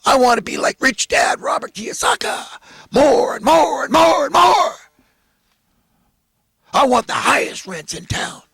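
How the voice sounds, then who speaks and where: A man voicing a greedy, insatiable landlord who gloats and shouts his demands. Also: extremely high pitch, sing-song, measured pace, vocal fry, long pauses, no room sound, pitched above the performer's own voice, heavily acted. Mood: gloating greedy.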